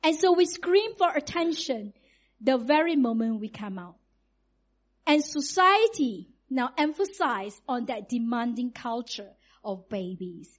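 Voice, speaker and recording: A middle-aged woman, preaching in a lively, conversational way and acting out quotes. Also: a little high, unhurried, muffled recording. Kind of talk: sermon.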